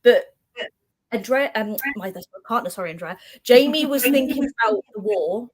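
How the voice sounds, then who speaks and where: A woman guest on a chat show, telling paranormal stories in a lively way and acting out the dialogue. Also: fairly high pitch, moderate pace, rough recording. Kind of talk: casual chat.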